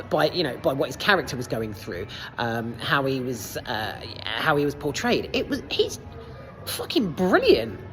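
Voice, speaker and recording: A woman with a low voice gives a casual film review in a cinema foyer. She talks hesitantly with plenty of fillers, a lively swinging pitch and the odd swear word, and the long reverb of the hall trails behind her.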